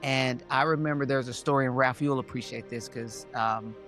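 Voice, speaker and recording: A man's voice: mid-range voice, fairly even intonation, moderate pace, fairly bright tone, soft background music. Earnest male podcast host reflecting. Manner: earnest, rambling, with many fillers and restarts. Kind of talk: casual conversational reflection.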